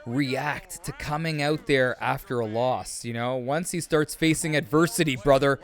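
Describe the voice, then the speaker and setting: A man hosting his sports channel, casually commentating a simulated fight live, calling him "man" and "brother" as he goes, with bursts of excitement at big moments. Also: medium pitch, moderate pace. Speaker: sports commentator and video host. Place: home setup, recording live.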